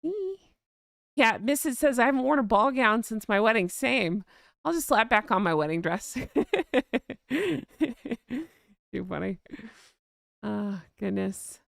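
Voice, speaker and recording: A chatty woman hosts a live stream, reading viewer comments aloud with a gushing, easily amused manner. Her voice sits a little high, with a smooth, resonant tone and a gravelly fry at the ends of phrases. The sound is close and dry. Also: lively intonation, fairly bright tone, no echo. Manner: chatty and gushing, quick to laugh. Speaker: host of a live-stream chat.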